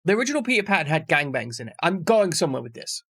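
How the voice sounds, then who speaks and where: Male streamer, fairly high gravelly voice, dry close mic, rambling jokey chat. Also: sing-song, fast talker, sharp tone, dry recording. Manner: rambling, jokey, swears freely. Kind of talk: casual chat with stream viewers.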